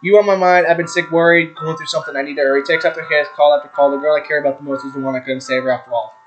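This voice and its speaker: A young man with a slightly high voice reads a visual novel out loud at a brisk clip, tripping over names and cursing at himself as he goes. Game music plays clearly behind him. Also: fairly even intonation, dull audio. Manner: reads fast, stumbles on names, swears and laughs at himself. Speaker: gaming YouTuber. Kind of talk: reading a visual novel aloud with commentary. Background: background music.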